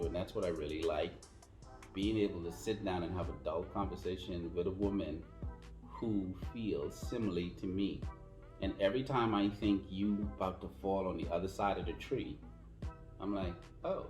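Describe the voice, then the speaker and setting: A man co-hosting a casual podcast about dating, telling stories in an animated way and acting out both sides of the talk. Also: sits low, reverberant. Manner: animated storyteller who mimics both sides. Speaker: podcast co-host.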